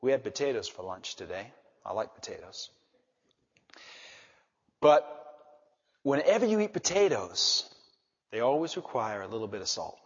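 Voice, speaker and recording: Husky-voiced preacher with a long hall echo. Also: male voice, lowish voice, moderate pace, long pauses. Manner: animated, swings from soft asides to loud emphasis. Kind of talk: sermon. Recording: dull reverberant hall sound.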